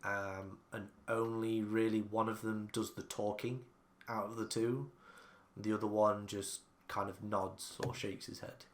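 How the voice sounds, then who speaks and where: Low-voiced man narrating as game master. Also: flat delivery, measured pace, slight background noise. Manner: rambling descriptions full of ums and restarts.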